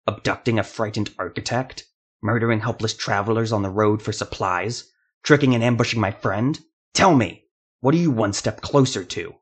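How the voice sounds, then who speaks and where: A man doing a loud, foul-mouthed warrior. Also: lowish voice, level tone, moderate pace, close to an everyday voice. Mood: accusing. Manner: loud, profane, storming.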